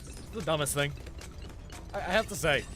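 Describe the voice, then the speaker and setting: Streaming a game, this man chats casually with his viewers, joking and sarcastic as he talks to chat while playing. His voice is a little high and fairly bright at a moderate pace, with a slight hiss or hum on the recording.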